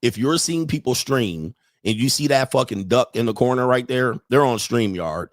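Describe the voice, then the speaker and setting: A man hosting a livestream in a loose, profane rant, mocking his targets and leaning on "all right" between thoughts. His voice sits at a middling pitch and sounds close and dry, with no room around it. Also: animated, moderate pace, no room sound. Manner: keeps saying "all right". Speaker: livestream host.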